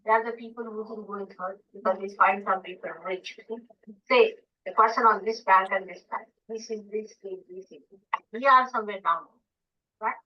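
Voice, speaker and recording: A woman's voice: medium pitch, steady tone, moderate pace, slight background noise. A woman spiritual teacher giving an informal talk to a small group, speaking emphatically with many rhetorical questions and repetitions. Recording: dull archival recording from far off.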